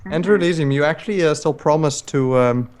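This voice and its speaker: A man's voice: on the high side, brisk, a little mellow. A man co-hosting a gaming livestream, chatting loosely with laughs and fillers. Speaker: stream co-host. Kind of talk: casual livestream chat.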